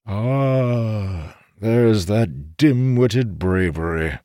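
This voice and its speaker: A man's voice: fairly low pitch, lively intonation, extremely slow, mellow, no echo, studio quality, voice pushed up. A man voicing a droning old codger who lectures in a firm, scolding tone. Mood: scornful.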